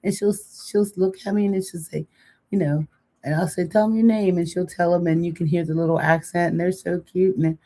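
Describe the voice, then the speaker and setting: A woman's voice: on the low side, fairly even intonation, brisk, warm tone. An older woman co-hosting a casual live chat, talkative and joking, rambling into long stories. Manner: chatty, joking, rambling storyteller. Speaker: co-host.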